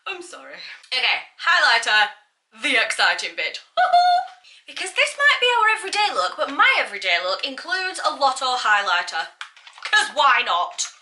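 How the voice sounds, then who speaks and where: A woman's voice: high voice, big pitch swings, moderate pace, background noise. A woman giving a bubbly, chatty makeup tutorial and talking straight to her viewers. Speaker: beauty vlogger.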